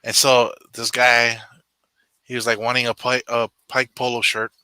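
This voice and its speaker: A man guesting on a casual chat, an animated storyteller who acts out other people's voices and laughs a lot. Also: medium pitch, moderate pace, clear, resonant tone, dry recording, rough recording. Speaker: channel member guest.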